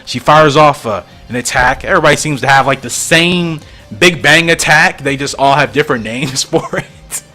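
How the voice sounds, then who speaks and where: A man hosting a channel, excitedly reading and commenting on a fan comic with frequent laughs. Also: fairly high pitch, normal speed, faint music behind. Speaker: channel host.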